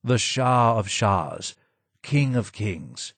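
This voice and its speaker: Man reading hoarse, low-voiced old advisor, slow, sad, dry mic. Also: dry recording. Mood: sorrowful. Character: broken old male former royal advisor, hoarse, sad.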